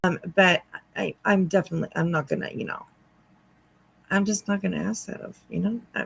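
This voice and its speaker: A commentary host talking wryly over a livestream, hesitant with many pauses and restarts. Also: mid-range voice, vocal fry, a bit bright, breathy edge, rough recording.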